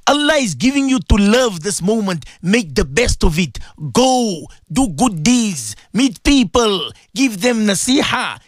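A man's voice: very high-pitched, a bit bright, dry recording, studio quality. A male radio presenter giving earnest religious advice, exhorting listeners directly and repeating his refrains. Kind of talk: preachy radio talk.

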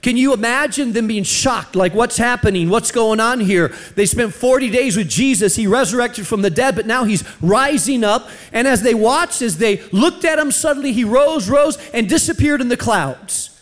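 A man preaching a sermon, telling a personal story and slowing down for emphasis. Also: extremely high pitch, lively intonation. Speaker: pastor.

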